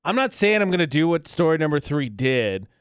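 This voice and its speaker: Man, joking co-host, animated pitch, dry close mic. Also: a little fast, clean tone, no room sound. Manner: joking, lively banter. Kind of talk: casual news chat.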